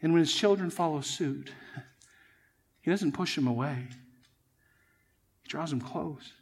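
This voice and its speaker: A pastor delivers his sermon in a fairly high male voice, earnest and emphatic. He presses his points home and keeps turning to the congregation as friends. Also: a little slow, darkish tone, breathy edge. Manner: earnest, emphatic preaching, addresses listeners as friends.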